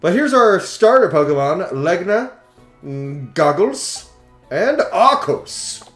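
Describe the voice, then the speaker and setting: A man giving jokey, excitable commentary while playing a video game, now and then swearing. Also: high-pitched, slow pace. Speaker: let's play host. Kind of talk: casual gameplay commentary. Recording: roomy echo, faint game music. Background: faint game music.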